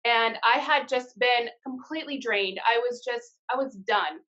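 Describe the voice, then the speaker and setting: A woman in her thirties speaks in a high, bright, forceful voice. She tells her story with blunt candor and plenty of swearing. The live-stream audio is dull and lo-fi. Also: moderate pace. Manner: candid storytelling with frequent swearing. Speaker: guest, card-deck founder. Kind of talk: casual live-stream interview.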